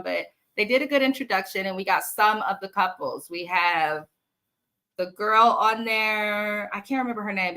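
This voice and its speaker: A woman's voice: on the low side, bright, forceful tone. Blunt, cussing woman recapping TV. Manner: blunt, profane, opinionated; chatty, talks straight to viewers. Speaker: host of a reality TV recap channel. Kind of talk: casual live episode recap.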